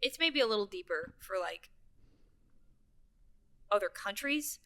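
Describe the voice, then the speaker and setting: A woman's voice: medium pitch, expressive, a little slow, fairly bright tone. A young woman from Texas co-hosting a podcast, chatting casually and animatedly, swearing and laughing often. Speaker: podcast co-host. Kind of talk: casual chat.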